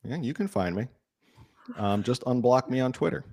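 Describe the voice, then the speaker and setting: A man's voice: mid-range voice, animated, normal speed, warm tone. A man co-hosting a podcast, talking through the week's politics in a dry, wry way. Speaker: podcast co-host. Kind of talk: casual political chat.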